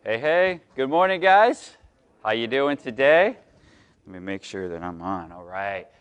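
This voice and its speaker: A man's voice: mid-range voice, a little slow, smooth. A man preaching a casual, joking sermon to his congregation, speaking. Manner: relaxed, joking, chatty with the congregation. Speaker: pastor. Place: church auditorium.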